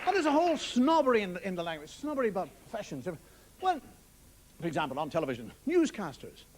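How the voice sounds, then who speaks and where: An Irish stand-up comedian performs on television, musing wryly and swearing casually in a high, fast voice whose pitch swoops wildly. The broadcast audio from the studio picks up a faint crowd, with the live audience laughing and making noise.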